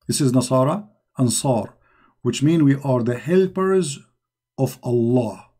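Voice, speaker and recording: A man hosts a live online debate, speaking in a mocking, emphatic, repetitive way with non-native English grammar. His mid-range voice is mellow and slightly rough, and he talks a little slowly.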